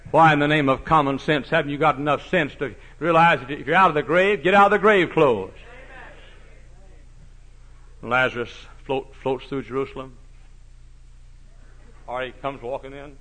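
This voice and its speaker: A man preaching a sermon, folksy and mocking, swinging from shouts to hushed asides. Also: mid-range voice, normal speed, long pauses, slight background noise. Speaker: pastor.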